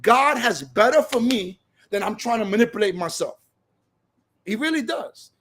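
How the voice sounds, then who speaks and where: A man's voice: sits high, lively intonation, moderate pace, fairly bright tone. A man giving a passionate, repetitive personal share at a recovery meeting, telling stories.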